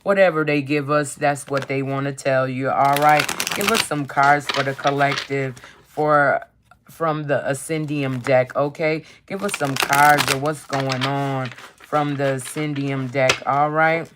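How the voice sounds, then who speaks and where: Over a noisy background, a card reader speaks at a measured pace in a medium pitch with little pitch movement. Keywords come out as lists on this casual live stream, peppered with casual swearing and repeated "okay?" tags.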